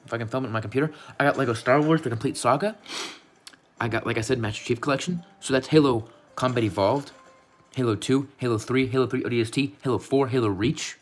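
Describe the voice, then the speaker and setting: A fast-talking American gaming YouTuber with a medium-pitched voice rambles goofily in a casual vlog shot from his room, his tone playfully affectionate.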